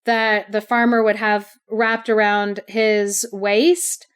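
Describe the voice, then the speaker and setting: A woman's voice: medium pitch, little pitch movement, takes it slowly, clear, resonant tone. A woman podcast host casually retelling a fairy tale, with playful asides.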